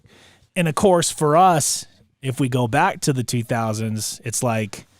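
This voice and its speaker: A man hosting a podcast, telling a story in a relaxed, slangy way full of dude and bro. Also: medium pitch, unhurried, no echo, studio quality. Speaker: podcast host. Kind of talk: casual storytelling chat.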